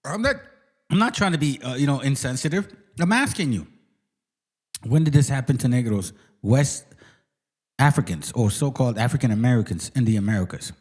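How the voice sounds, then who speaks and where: A man's voice: mid-range voice, expressive, a little fast, long pauses, a little mellow. A man hosting his channel, ranting through biblical commentary with heavy swearing and repeated challenges to viewers. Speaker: channel host. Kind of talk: profane biblical commentary rant.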